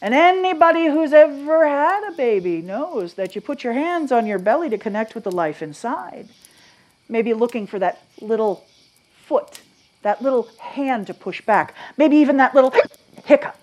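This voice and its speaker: A woman from Maine telling ghost stories live to an audience, dropping to a hush and then rising loud and animated, asking the crowd questions. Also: high-pitched, moderate pace. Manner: dramatic, swings from hushed to loud and animated. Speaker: storyteller.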